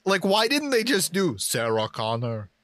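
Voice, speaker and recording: A man co-hosting a podcast in casual chat, joking and laughing through quick asides. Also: high-pitched, huge pitch swings, fairly bright tone, dry recording, clean studio sound. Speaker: podcast co-host.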